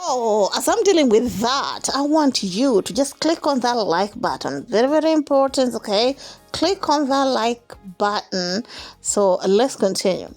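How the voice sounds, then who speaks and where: A woman's voice: a little high, sing-song, measured pace, a little mellow, faint music behind. A woman hosting a chatty reaction vlog, translating a clip and joking with viewers, calling them honey. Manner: playful, calls listeners honey, laughs often. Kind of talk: chatty commentary.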